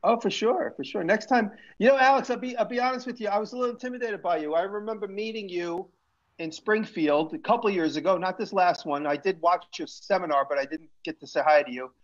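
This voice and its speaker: This man, the show's host and maker, has a high-pitched voice and a quick pace. He rambles through a casual live-stream chat, restarting often and using fillers, all over lo-fi audio.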